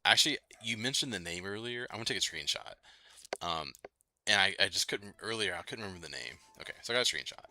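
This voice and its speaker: A man hosting a late-night gaming livestream, chatting loosely with viewers, full of fillers and quick laughs. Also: low voice, lively intonation, pushed and bright. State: itchy nose. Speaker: livestream host. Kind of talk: casual gaming livestream chat.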